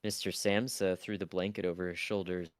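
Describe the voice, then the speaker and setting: A man's voice: deep voice, level tone, brisk, no echo. A man streaming live, reading a novel aloud in a casual way, stumbling over words now and then.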